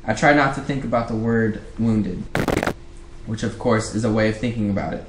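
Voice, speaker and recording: A young man casually reading a novel aloud on a livestream, halting and rereading lines, into a webcam mic. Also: lowish voice. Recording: echoey room, background noise.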